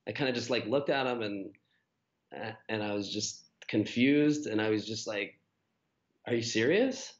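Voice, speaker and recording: A man's voice: lowish voice, moderate pace, lo-fi sound. A man, a guest on a running podcast, telling his race story in a casual, rambling way with many fillers and restarts.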